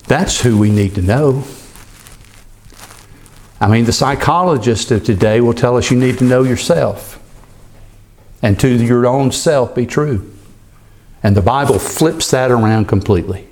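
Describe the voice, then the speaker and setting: A man's voice: medium pitch, darkish tone. A man preaching a sermon, reading scripture aloud and lifting his voice on key phrases. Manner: slow, deliberate preaching with rising emphasis on quoted scripture. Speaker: pastor.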